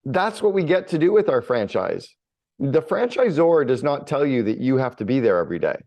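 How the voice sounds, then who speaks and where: A middle-aged man talking in a relaxed interview, blunt and full of energy. He tells his stories casually and swears freely, at an ordinary pitch. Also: fairly quick, highs cut off. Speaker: podcast guest, business coach.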